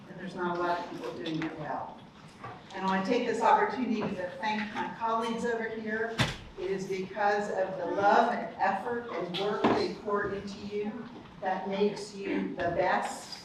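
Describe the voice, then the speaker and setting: A woman, a college dean giving an upbeat, chatty ceremony speech that speaks straight to the audience. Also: medium pitch. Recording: echoey hall, distant mic, background noise.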